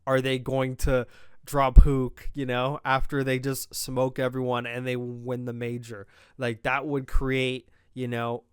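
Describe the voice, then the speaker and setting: A young man talks through his esports opinions on his own podcast, rambling and doubling back as he goes. His voice is smooth and resonant, mid-pitched, recorded close and dry with no room sound. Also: dry recording. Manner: rambling, opinionated, self-interrupting. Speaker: podcast host. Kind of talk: casual solo esports commentary.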